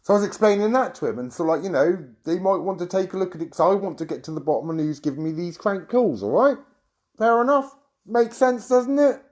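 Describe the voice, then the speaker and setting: A man's voice: high-pitched, expressive, darkish tone. A middle-aged man from the UK, ranting angrily to his viewers and rambling and swearing as he tells his story. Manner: agitated, rambling, swearing, quick asides to viewers. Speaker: YouTube streamer. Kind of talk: angry monologue to viewers.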